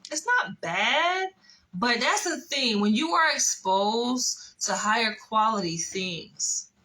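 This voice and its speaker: A young woman from Florida talks straight into her vlog, blunt and full of profanity. She tells her stories with animated energy. Her voice has a bright, forward ring. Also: a little high, takes it slowly, low-quality recording. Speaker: vlogger. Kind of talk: casual chat.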